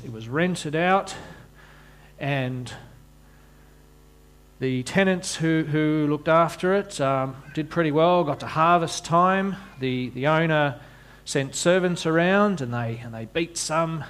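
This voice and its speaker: A man's voice: fairly high pitch, slow pace, a bit bright. A man preaching a sermon, often repeating words as he restarts and slipping in wry asides.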